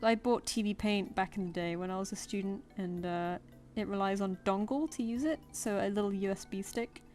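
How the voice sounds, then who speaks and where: A woman's voice: medium pitch, fairly quick, darkish tone, soft background music. A woman streaming while she draws, thinking aloud and answering her viewers in casual chat. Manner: chatty, thinks aloud, reads chat comments and answers them. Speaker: streamer drawing live.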